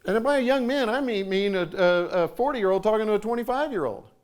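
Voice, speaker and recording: A middle-aged man with a drawl delivers a sermon in a church. His voice sits a little high for a man, and he talks in a folksy way, slipping into voices for his stories. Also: expressive, quick pace, clear, resonant tone. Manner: folksy, acts out voices in anecdotes. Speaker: conference speaker. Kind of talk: sermon with storytelling. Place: church sanctuary.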